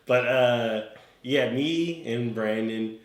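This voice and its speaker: A man's voice: mid-range voice, takes it slowly, heavy background noise. A young man from the Sacramento area, a podcast guest telling long rambling stories full of "like" fillers in casual chat. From Sacramento area, California. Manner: rambling storytelling, many "like" fillers. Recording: echoey room.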